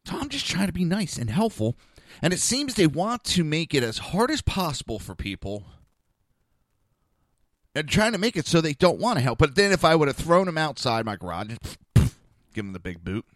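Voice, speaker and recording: Animated man telling a story, dry sound. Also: a little high, a little fast, no room sound. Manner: animated, exasperated, acts out dialogue. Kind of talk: casual personal storytelling.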